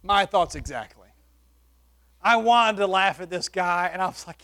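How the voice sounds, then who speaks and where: A man preaching, telling a personal testimony with animated shifts between loud and soft. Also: high-pitched, normal speed. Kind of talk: sermon testimony story.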